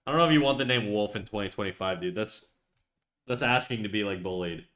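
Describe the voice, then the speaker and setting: A man's voice: lowish voice, fast talker, a bit bright. A young man streaming live, chatting casually in an upbeat, talkative way, restarting and stumbling over his words.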